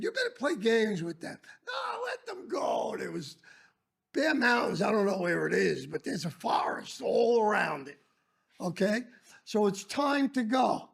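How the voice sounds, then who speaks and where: Older male guest, husky high voice, lively delivery, former teacher spinning stories. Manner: animated, raises voice for quoted lines. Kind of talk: casual storytelling.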